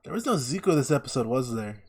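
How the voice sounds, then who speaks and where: A man's voice: mid-range voice, very animated, fast, a little mellow, breathy edge. A young man co-hosting a podcast in casual chat, swearing freely and laughing often as he retells scenes. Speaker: podcast co-host.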